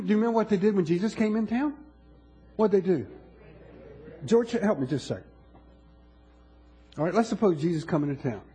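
Male pastor, high and very husky voice, talks through his sermon casually and quizzes the congregation, faint music behind. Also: mellow. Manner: conversational, asks the congregation questions, halting restarts.

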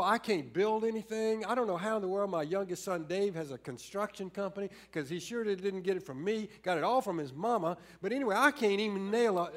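Male pastor, middle-aged, high voice, earnest sermon delivery, halting restarts. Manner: earnest, with many restarts and shifts between slow emphasis and quick storytelling.

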